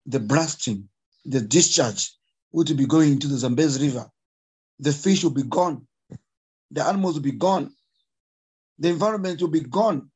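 Husky, earnest Zambian man. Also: a little high, moderate pace, pauses often, a little mellow, low-quality recording. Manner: earnest, emphatic, repeats his points. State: emotional. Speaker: conservationist guest. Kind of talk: impassioned interview talk.

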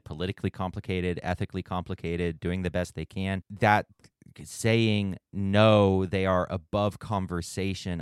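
The low, clear, resonant voice of a man hosting a podcast comes through at studio quality, with no room sound. Reflective and hesitant, he interviews his guest conversationally and often begins his phrases again.

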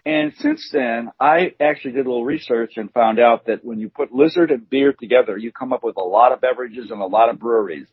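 A man's voice: mid-range voice, quick pace, hardly any pauses, slightly rough, no room sound. A man co-hosting a podcast, talking in a rambling, hesitant way with many fillers. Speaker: podcast co-host. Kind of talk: casual banter. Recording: tinny phone-like sound.

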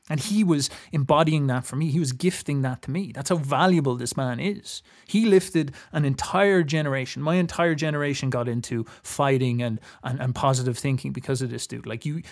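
A young Irish man talks in an earnest, reflective way, drifting into philosophy as he goes. He often stops and restarts his sentences mid-thought. His voice sits at an ordinary middle pitch for a man. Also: darkish tone. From Ireland. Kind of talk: reflective casual talk.

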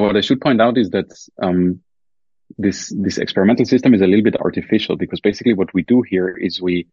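A German-accented scientist, a guest on a podcast interview, carefully explains his research with plenty of fillers and restarts. His voice is low, gravelly and husky. The recording has no room sound and its highs are cut off.

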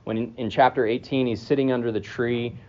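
A man preaching an expository sermon as pastor, animated, chuckling now and then as he explains a passage. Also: mid-range voice, fairly quick, dull audio. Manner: animated, acts out scripture dialogue in raised voices.

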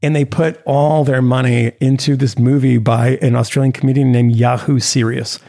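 A man co-hosting a podcast, talking in a rambling, animated way full of restarts and fillers. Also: medium pitch, normal speed, gravelly. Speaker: podcast co-host. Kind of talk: casual chat.

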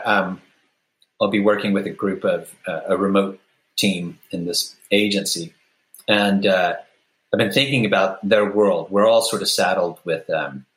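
A man's voice: low-pitched, a bit bright, echoey room, poor audio. A man speaking as a guest author on a podcast, reflective and thinking aloud with fillers. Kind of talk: conversational podcast interview.

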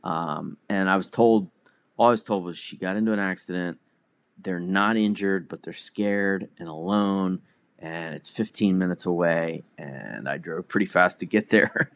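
Deep-voiced man, dry close sound. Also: measured pace, no room sound. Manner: conversational with frequent restarts and soft laughs. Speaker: newsletter writer and comedian. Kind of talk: personal reflective monologue.

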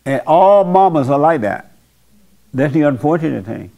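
A man's voice: on the high side, expressive, normal speed, creaky, mellow. A man hosting a church talk show, telling stories in a folksy, blunt preaching manner. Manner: folksy storytelling with blunt opinions. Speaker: host and pastor. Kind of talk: casual preaching chat.

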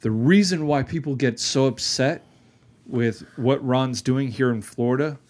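A man's voice: medium pitch, unhurried, darkish tone. A man co-hosting a casual political chat podcast, wry and joking. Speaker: podcast co-host.

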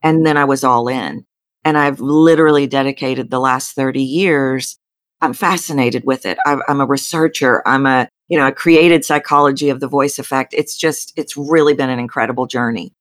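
Low-voiced Texan woman voice coach. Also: moderate pace, no echo, studio quality. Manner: emphatic, animated explainer. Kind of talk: interview storytelling.

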